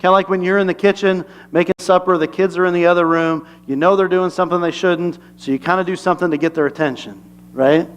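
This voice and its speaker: A man's voice: high-pitched, steady tone, quick pace, slight background noise. A male pastor giving a conversational, humorous sermon and asking the congregation questions.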